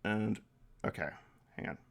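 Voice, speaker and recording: A man acting as game master and streamer, narrating a tabletop game and thinking aloud as he draws. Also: measured pace. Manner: casual, thinking aloud while drawing.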